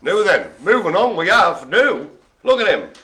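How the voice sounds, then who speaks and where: Brief: man in his own voice as a jokey bingo caller, bright and forceful, with a slightly higher voice than most men. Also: big pitch swings, moderate pace. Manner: playful, teasing, theatrical asides. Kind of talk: jokey live online bingo calling.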